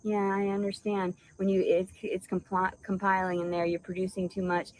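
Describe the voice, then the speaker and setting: A woman's voice: medium pitch, flat delivery, moderate pace, darkish tone, slight background noise, poor audio. A woman delivering an angry, profanity-laden vlog rant, insulting and rambling. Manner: furious, insulting, stream-of-consciousness. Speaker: vlogger.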